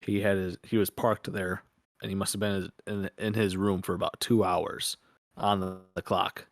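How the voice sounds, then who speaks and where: A young man with a lowish voice, chatting casually as a podcast co-host. He rambles through crude work stories and swears freely. The sound is close and dry. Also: level tone, moderate pace, dry recording. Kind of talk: casual chat.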